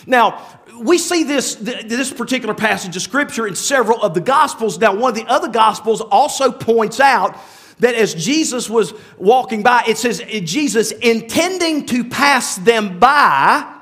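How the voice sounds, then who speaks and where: High-voiced, lively male preacher. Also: unhurried. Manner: conversational preaching with many asides and restarts; asks the listeners rhetorical questions. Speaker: pastor. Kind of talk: sermon.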